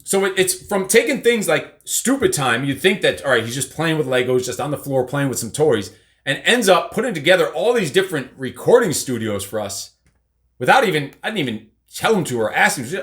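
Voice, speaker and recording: A middle-aged man hosts a casual live-stream podcast, rambling, teasing, and swearing casually. His voice is on the high side, a bit bright, and he talks briskly and with lots of animation.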